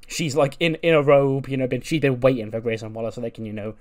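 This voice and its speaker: A man casually recapping a wrestling simulation game, chatty and amused, often laughing and quickly retelling scenes. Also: medium pitch, fairly even intonation. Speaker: video game let's player. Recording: faint background music.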